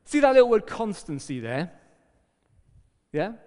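Pastor preaching in an echoing hall. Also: male voice, high voice, unhurried, clean tone. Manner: lively and emphatic, with joking asides. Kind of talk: sermon. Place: church hall. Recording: long reverb of a hall.

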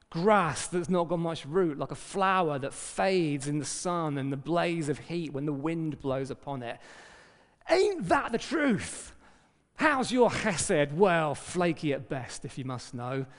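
A man preaching a sermon as pastor, lively and emphatic, with joking asides. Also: on the high side. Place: church hall. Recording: long reverb of a hall.

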